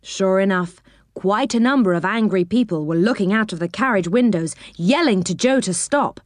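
A woman reading a children's storybook aloud with plenty of rise and fall in her voice. Her pitch sits in the middle range. The sound is close and dry with no room echo. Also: lively intonation, moderate pace.

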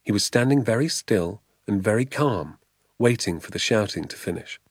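Low-voiced man narrating a storybook. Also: husky, no room sound, clean studio sound. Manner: measured, expressive reading. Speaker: audiobook narrator.

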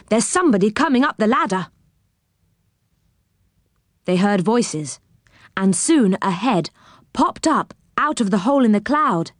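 A woman reading a children's chapter book aloud, gently and expressively. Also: mid-range voice, no echo, clean studio sound. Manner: slow, gentle, expressive reading with voices for characters. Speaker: storybook reader.

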